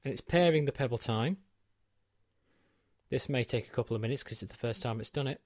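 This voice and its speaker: A man's voice: mid-range voice, fairly quick, darkish tone, no room sound. Chatty man in a dry studio. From United Kingdom. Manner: chatty, self-deprecating, many ums. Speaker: tech reviewer. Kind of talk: unboxing and set-up walkthrough. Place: small home studio under a studio light.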